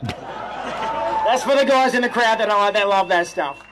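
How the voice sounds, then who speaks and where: High-voiced Australian rally MC. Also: male voice, expressive, unhurried, background noise. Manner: hyped, punchy, calls out questions to the crowd. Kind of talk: rally crowd address. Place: outdoor rally. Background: faint crowd and ambience.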